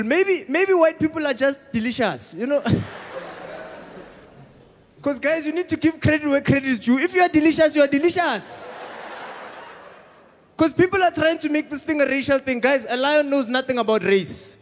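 A man's voice: very high voice, lively intonation, moderate pace, long pauses. A man from South Africa with a South African accent, doing a casual stand-up comedy set, chatty and laughing at his own jokes.

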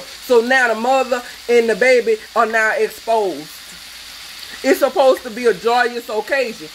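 A woman's voice: on the high side, a little hiss or hum, rough recording. Fervent woman preaching at viewers. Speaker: cooking channel host. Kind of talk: impassioned vlog rant.

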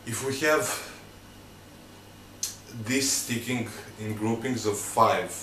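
A man teaching drum sticking patterns, counting beats aloud in loose, halting phrasing. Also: medium pitch, a little hiss or hum. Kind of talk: instructional demonstration. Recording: echoey room, mic at a distance, loud clatter.

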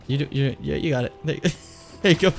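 A man's voice: medium pitch, normal speed, gravelly, faint music behind. A man coaching a video game player on a livestream, swearing casually, teasing, and laughing often.

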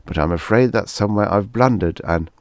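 A man's voice: on the low side, brisk, darkish tone, dry recording, lightly acted. A man voicing a polite, cheerful male Martian visitor who speaks in an earnest, formal, apologetic way.

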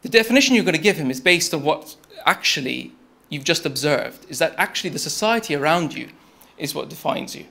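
In a brisk TED-style talk, a young man with a high yet gravelly voice relates a story in an easygoing, conversational manner. He repeatedly speaks right to the audience, calling them "you."

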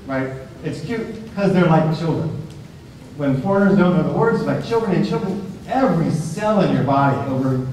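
A male professor leading a class discussion, animated and full of restarts and questions to the students. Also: sits high, slight background noise. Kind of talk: discussion-led class talk. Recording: echoey hall heard from a distance.

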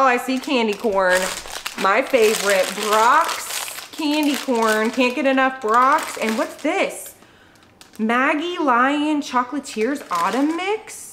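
A young woman vlogging at home, chatting excitedly as she unboxes gifts and gushes over them. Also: a little high. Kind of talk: casual unboxing vlog.

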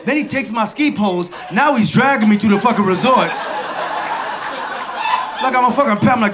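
High-voiced man doing loud stand-up. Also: a little fast, background noise. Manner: loud, animated storytelling with shouted character voices. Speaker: stand-up comedian. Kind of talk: stand-up comedy routine. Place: comedy club stage. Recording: live comedy club with laughing crowd. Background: audience laughter.

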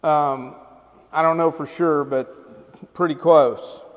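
High-voiced preacher in a reverberant church. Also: male voice, fairly even intonation, takes it slowly. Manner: conversational, keeps asking the congregation "right?" and "amen?". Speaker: pastor. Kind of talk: sermon. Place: church sanctuary. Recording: long church hall reverb.

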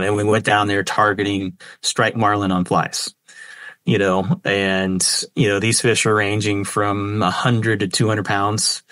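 A man in his forties, a fishing guide, telling a story with excitement and lots of fillers, jumping up in pitch when he quotes others. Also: no echo. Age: 40s. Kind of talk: animated storytelling in a podcast interview.

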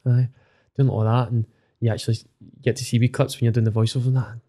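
In a podcast interview, a Scottish footballer in his thirties speaks openly and with emotion, swearing often. He's a fast talker with a warm, medium-pitched voice and a flat delivery.

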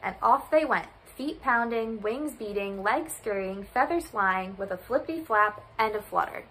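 Bright, lively woman reading to children. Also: medium pitch, normal speed, a little hiss or hum, rough recording. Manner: expressive, lively storytelling. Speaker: volunteer reader. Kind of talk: children's storybook read-aloud.

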